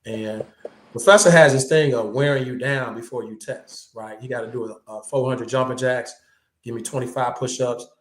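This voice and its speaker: A man who is a guest tells animated stories in casual, slangy talk, mimicking the people he quotes. His voice sits at an ordinary middle pitch. The sound has a roomy echo around it. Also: moderate pace. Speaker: guest, martial artist. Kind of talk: casual storytelling chat.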